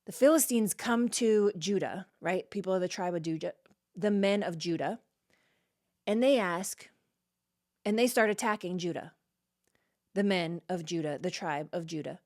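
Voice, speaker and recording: A woman hosting a casual Bible study, reading verses aloud and then reacting and explaining them in everyday talk, often checking in with a quick "right?". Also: fairly low pitch, a little mellow. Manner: frequent "like" and "right?" checks with the listener.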